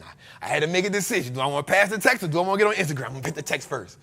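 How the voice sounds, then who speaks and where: A man's voice: a little high, lively intonation, very fast, gravelly, pushed and bright. A man, the host of a show, telling a story in a casual, slangy way and laughing often. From United States.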